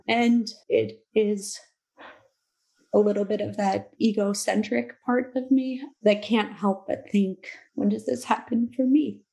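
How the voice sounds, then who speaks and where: Slow, gravelly-voiced woman guest. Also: mid-range voice, dark tone. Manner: slow, reflective, emotional. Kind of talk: candid interview talk.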